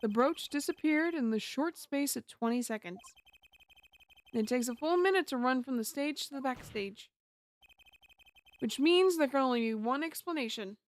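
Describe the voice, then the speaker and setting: A woman voicing an earnest young male defense lawyer who lays out his reasoning in a steady way. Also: high voice, moderate pace. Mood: explaining.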